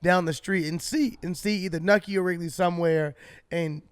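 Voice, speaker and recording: Male podcast co-host, high clear voice, animated storyteller, dry close mic. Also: normal speed, dry recording. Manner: animated, swearing, acts out his own shouts. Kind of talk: casual storytelling.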